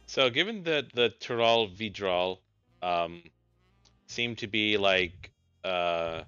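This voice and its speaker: A man's voice: on the low side, lively intonation, slow pace, pushed and bright, clean tone, dry recording. A man casually commenting while playing a game, rambling and musing aloud with many fillers. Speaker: let's play gamer. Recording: dull lo-fi mic with faint game music.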